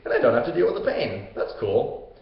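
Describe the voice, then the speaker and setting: A chipper, carefree male centaur, as a man puts him on, breezy, high and quick. The sound is dull and lo-fi. It rings in a very echoey room. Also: wildly swooping pitch, creaky, far from the mic.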